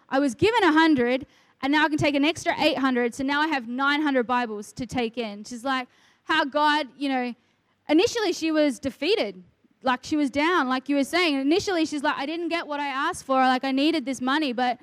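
A woman's voice: high-pitched, normal speed, dry recording. A middle-aged woman, a ministry worker, telling a faith testimony in earnest conversation and quoting the people she talks about. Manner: earnest storytelling, quotes others.

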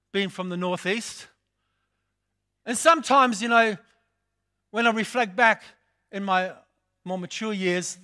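A man's voice: sits high, sharp tone. An older man from England preaching a sermon, telling stories and repeating phrases for emphasis.

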